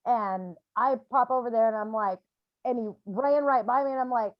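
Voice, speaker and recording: Animated woman counselling on a video call. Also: a little high, normal speed, no echo, muffled recording. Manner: animated, acts out scenes in other voices. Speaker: medium leading a grief support call.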